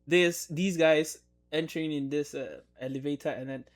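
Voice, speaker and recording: A man's voice: fairly high pitch, normal speed. A man hosting a podcast in casual conversation, supportive and agreeable, often backing his guest with short affirmations. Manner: supportive, lots of mm-hmms and agreement. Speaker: podcast host.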